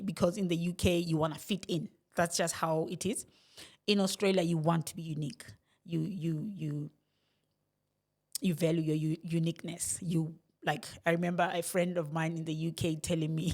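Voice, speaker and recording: A middle-aged woman with a South African accent, talking candidly to camera in a reflective, rambling personal vlog, with sighs and soft laughs. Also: on the low side. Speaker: vlogger.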